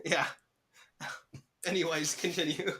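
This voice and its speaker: A man's voice: fairly high pitch, little pitch movement, slow pace, bright, forceful tone. A man co-hosting a podcast in casual chat, joking and swearing, laughing often while chewing gum. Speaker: podcast co-host.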